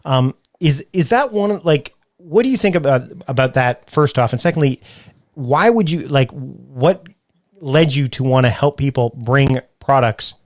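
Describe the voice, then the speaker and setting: A man's voice: mid-range voice, measured pace, no echo, clean studio sound. Man hosting a podcast, rambling. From Canada. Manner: rambling, many restarts and fillers. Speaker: podcast host. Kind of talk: casual interview chat.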